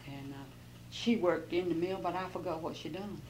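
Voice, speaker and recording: An older woman recalls her early married days in a folksy, rambling way, slipping into lively bursts when she quotes others. Her voice sits lowish for a woman, and a faint hiss lies under the talk. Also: moderate pace, rough recording. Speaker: interviewee. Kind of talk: oral history storytelling.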